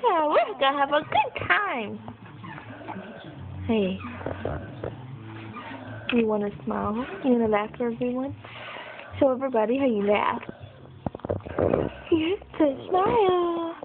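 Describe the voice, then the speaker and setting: Young mom, high lively baby talk, tinny phone recording with noise. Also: female voice, slow pace, long pauses. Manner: sing-song, coaxing, repetitive. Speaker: mother filming her baby. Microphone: phone camera.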